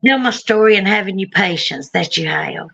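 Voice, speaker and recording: A woman's voice: mid-range voice, animated, moderate pace, fairly bright tone, lo-fi sound. A woman from Alabama with a Southern accent, telling her story in a chatty, rambling way with frequent laughs. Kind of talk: casual storytelling on a live stream.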